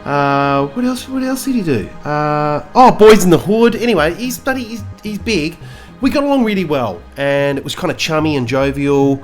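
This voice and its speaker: A man's voice: on the high side, expressive, moderate pace, faint music behind. A man telling a rambling, self-mocking comic story, full of fillers and restarts. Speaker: comedian.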